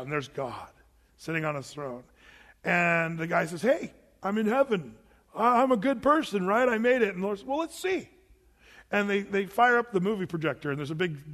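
A man preaching a sermon as pastor, animated, acting out quoted voices, with fillers and restarts. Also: high-pitched. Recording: long hall reverb.

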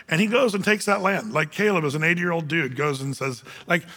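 A man preaching to a room of men, animated and acting out the voices of the people he quotes. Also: fairly high pitch, fairly quick. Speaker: men's group speaker. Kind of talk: sermon. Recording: reverberant hall.

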